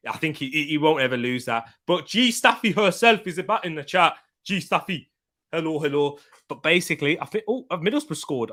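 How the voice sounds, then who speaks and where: A young man commentating casually on a live football stream. His voice sits a touch high and rings bright and forceful. He chats along at ease, then breaks into loud, excited shouting at big moments. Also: a little fast. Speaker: football watchalong host. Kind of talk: live match commentary and chat.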